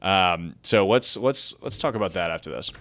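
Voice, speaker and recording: A man's voice: sits low, lively intonation, normal speed, fairly bright tone. A young man hosting a casual real estate news show, reading articles aloud and breaking in with chatty asides. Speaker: podcast host. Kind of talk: casual market news commentary.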